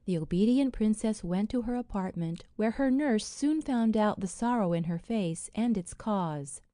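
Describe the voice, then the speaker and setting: A woman's voice: mid-range voice, normal speed, dry recording, studio quality. A woman narrating a fairy tale in storybook style, reading the spoken lines with feeling. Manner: expressive, reads quoted lines with feeling.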